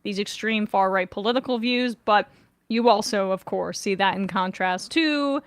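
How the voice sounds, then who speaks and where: A woman's voice: mid-range voice, clean tone, no echo. A woman hosting a sports podcast, chatting casually and reading listener messages, her voice a little worn. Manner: conversational, quick when reading aloud. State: slightly losing her voice. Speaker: podcast host.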